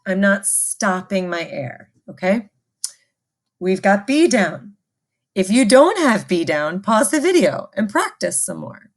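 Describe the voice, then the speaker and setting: A woman's voice: medium pitch, very animated, slow pace. A woman music teacher giving a patient, call-and-response recorder lesson to children.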